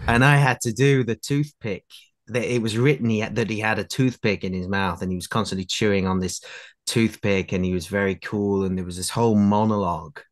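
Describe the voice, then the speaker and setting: Deep-voiced young man telling stories. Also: fairly even intonation, normal speed. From England, Derbyshire. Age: late 20s. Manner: self-deprecating, rambling anecdotes with fillers. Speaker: guest actor. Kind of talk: podcast interview storytelling.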